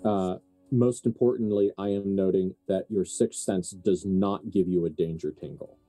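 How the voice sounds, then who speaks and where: A man running a tabletop horror game as game master, his voice low and dark. He narrates in an animated, playful way. Faint music plays behind him. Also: moderate pace.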